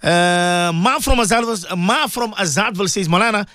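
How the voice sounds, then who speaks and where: A man, hosting a radio talk show and retelling a story in an animated, repetitive way. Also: sits high, normal speed, no echo, studio quality. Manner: animated storyteller, repeats words and restarts.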